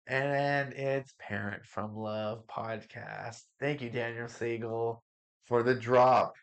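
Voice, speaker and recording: A male parent coach hosts his podcast in a relaxed, casual way. He uses fillers and trips over names now and then. His voice sits at a middle pitch. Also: takes it slowly, gravelly.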